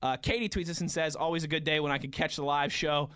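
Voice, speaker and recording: A man's voice: fairly high pitch, steady tone, fast talker, sharp tone, clear, resonant tone. Easygoing man reading out listener tweets. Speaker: sports radio co-host. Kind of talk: casual sports talk chat. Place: radio studio.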